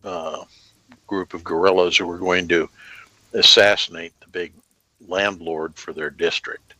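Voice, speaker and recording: A man's voice: sits low, fairly even intonation, a little slow, pushed and bright, no echo. A man joining a casual chat as a guest, telling jokes in a dry manner. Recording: muffled lo-fi remote line.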